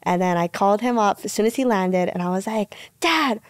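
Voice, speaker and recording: A woman's voice: medium pitch, fast, clean tone, no room sound, studio quality. A woman in her twenties from Hawaii, a pro surfer guest telling a story in casual podcast talk, full of "like" and acted-out quotes. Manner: animated, acts out quotes, lots of "like".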